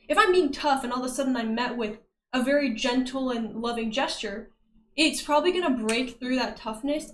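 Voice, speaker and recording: Chatty high-voiced young woman streamer. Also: reverberant. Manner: chatty, laughs often, greets chat warmly. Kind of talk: casual livestream chat reading viewer messages.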